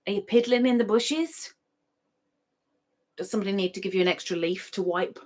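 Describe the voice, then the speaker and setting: A woman's voice: medium pitch, fairly quick, darkish tone. A woman in middle age, hosting a casual live stream and reading out viewers' chat with playful, sing-song repetition of names. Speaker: livestream host.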